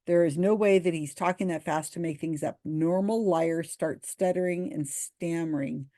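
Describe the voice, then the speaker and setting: A woman's voice: on the low side, moderate pace, dark tone, no room sound. A woman casually commenting on video comments, reading them aloud and answering in a dry, skeptical way.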